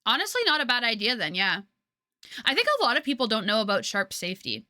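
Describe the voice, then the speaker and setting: Chatty young woman streamer, bright voice. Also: on the high side, big pitch swings, fast talker, no room sound, clean studio sound. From Canada. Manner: chatty, rambling with many fillers and restarts. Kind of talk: casual chat with viewers. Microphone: headset.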